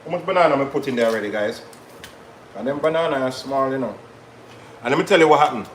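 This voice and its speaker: A man's voice: medium pitch, fast talker, reverberant, a little hiss or hum, low-quality recording. A man hosting a live cooking stream from a kitchen, chatting casually with viewers as he cooks. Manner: chatty, patois-tinged asides to viewers. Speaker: cooking show host.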